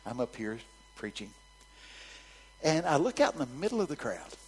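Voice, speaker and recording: Animated preacher in a reverberant hall. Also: male voice, medium pitch, normal speed, slightly rough. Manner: animated, swings from hushed asides to loud shouted quotes. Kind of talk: storytelling sermon.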